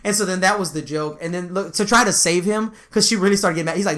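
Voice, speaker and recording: A man's voice: sits high, fast, sharp tone. A man in his twenties co-hosting a podcast, telling a funny story in casual chat, laughing often and swearing freely. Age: 20s. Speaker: podcast co-host.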